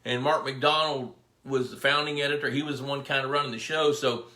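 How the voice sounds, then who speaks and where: A man's voice: medium pitch, steady tone, a little fast, sharp tone. A middle-aged man hosting a casual live stream, rambling through stories and greeting viewers by name. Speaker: fisheries biologist hosting a live pond Q&A. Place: indoor room with his dog. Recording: echoey room.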